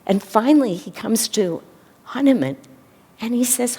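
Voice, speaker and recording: A woman minister giving a sermon in a temple, retelling a sacred story in a gentle storytelling way. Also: a little high, animated, a little slow, breathy edge. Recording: long hall reverb.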